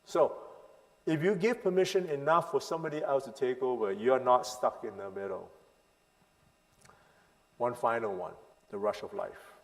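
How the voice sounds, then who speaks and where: A man teaching a parenting seminar as a sermon, emphatic, asking the crowd rhetorical questions and swinging between loud and hushed lines. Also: mid-range voice, moderate pace, long pauses. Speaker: pastor leading a parenting seminar. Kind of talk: sermon-style teaching to a congregation. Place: church hall. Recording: long hall reverb.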